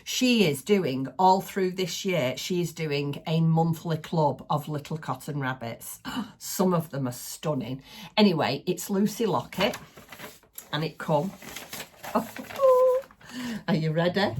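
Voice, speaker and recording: A middle-aged woman hosting a crafting channel, chatting excitedly to the camera at home and laughing often. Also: low voice, takes it slowly, long pauses, husky. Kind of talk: casual chat to camera. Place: small home craft room.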